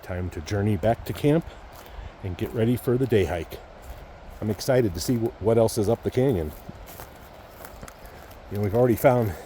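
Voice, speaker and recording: A man's voice: lowish voice, dark tone, slight background noise. A middle-aged man on a wilderness backpacking trip, talking to viewers in a folksy, chatty way while walking outdoors in mountain woods. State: a little out of breath. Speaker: backpacking vlogger. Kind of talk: casual outdoor vlog narration.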